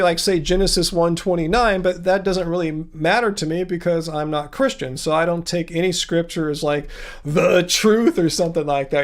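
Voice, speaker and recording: A man hosting a live Q&A stream, reading chat comments and answering with playful sarcasm. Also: high voice. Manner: sarcastic, playful, quick retorts. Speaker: livestream host.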